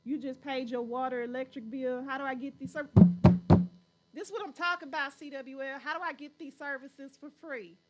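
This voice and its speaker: A woman's voice: sits high, fairly even intonation, fairly quick, over music. A woman hosting a casual livestream chat, playful and teasing, laughing often as she reads viewer comments.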